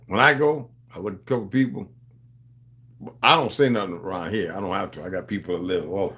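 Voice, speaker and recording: A man's voice: sits low, a little fast, bright, forceful tone. A man hosting a livestream, talking in a loose, rambling monologue. He preaches to his viewers in street slang and calls them beloved. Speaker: livestream host.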